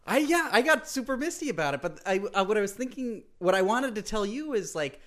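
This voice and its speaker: A man with a slightly high voice co-hosts a casual podcast. He talks earnestly in quick bursts full of "like" and laughs often between thoughts. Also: sing-song, fairly bright tone. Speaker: podcast co-host.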